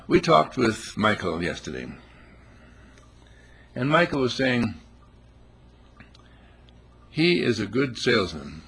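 A man's voice: medium pitch, sing-song, slow pace, creaky, long pauses, fairly bright tone, slightly rough. A man giving an informal motivational talk in a folksy manner, repeating his points and acting out little scenes in voices. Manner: folksy, repetitive, acts out quotes in voices.

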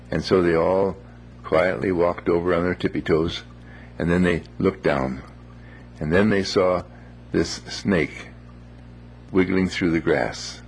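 A man telling a moral story in a gentle, unhurried, folksy way, with homely phrases. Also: sits low, creaky, a little hiss or hum.

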